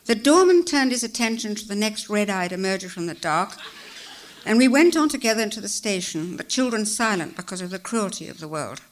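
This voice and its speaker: A woman reading a story aloud as narrator, in a measured, expressive way. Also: medium pitch, slight background noise.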